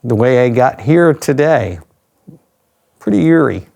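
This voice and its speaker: A man's voice: medium pitch, expressive, unhurried, gravelly, darkish tone. An older man, an interview guest, telling a personal story in a reflective, conversational way with dry asides.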